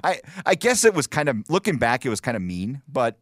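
A man casually telling stories on a podcast, animated and stumbling over restarts, acting out quotes. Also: mid-range voice, fairly quick, no echo, studio quality. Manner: animated storyteller, many restarts, acts out quotes. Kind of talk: casual chat, storytelling.

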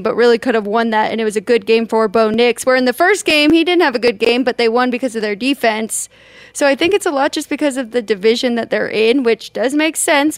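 A woman co-hosting a sports talk show, giving measured opinions and hedging often. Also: fairly high pitch, dry recording. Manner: measured, hedges with "I think". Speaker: co-host.

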